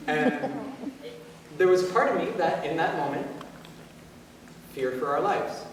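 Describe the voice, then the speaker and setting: High-voiced young man in an echoey hall. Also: measured pace, distant mic, a little hiss or hum. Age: 20s. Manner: conversational storytelling with fillers. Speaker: solo stage performer. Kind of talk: one-man stage monologue.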